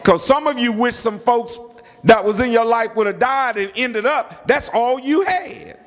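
Man, middle-aged pastor, high voice, sermon, emphatic repetition, calls to the congregation, long church reverb. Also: expressive, unhurried, a bit bright. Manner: emphatic preaching with repeated words and calls to the congregation.

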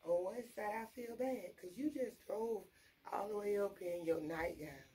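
A woman, ranting casually and bluntly about her fast-food job, full of profanity. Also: medium pitch, dark tone. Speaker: vlogger. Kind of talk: casual rant to camera.

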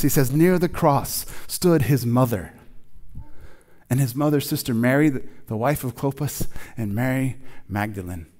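A man preaching a sermon in church in a conversational, emphatic way, often dropping suddenly to a quiet voice. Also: medium pitch. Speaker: pastor.

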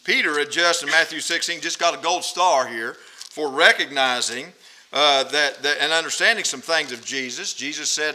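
A male preacher delivers a sermon in a high, ringing voice. His tone is sharp and intense. He hammers each point, repeats key phrases and fires rhetorical questions at the listeners. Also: moderate pace, rough recording.

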